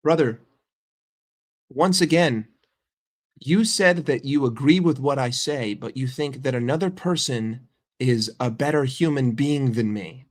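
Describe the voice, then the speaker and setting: A man's voice: mid-range voice, measured pace. An American man in a heated, profane live-stream rant about football, sarcastic and fired up. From United States.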